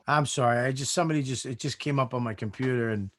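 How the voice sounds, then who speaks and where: A man hosting a live comedy chat show over a video call, talking casually with lots of swearing and halting restarts. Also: medium pitch, background noise. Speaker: host.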